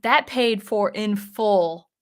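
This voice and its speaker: Speaking slowly at a medium pitch, a young adult woman reads chat comments aloud while hosting a casual livestream. She sounds chatty yet unsure, with many fillers and restarts.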